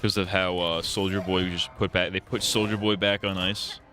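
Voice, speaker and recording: A man's voice: low voice, flat delivery, normal speed, pushed and bright, faint music behind. A man streaming live, chatting casually in a profane, rambling, jokey way full of restarts.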